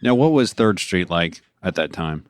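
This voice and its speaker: A man's voice: low-pitched, lively intonation, moderate pace, clear, resonant tone, no room sound. A man hosting a podcast, asking brief, prompting interview questions. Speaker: podcast host.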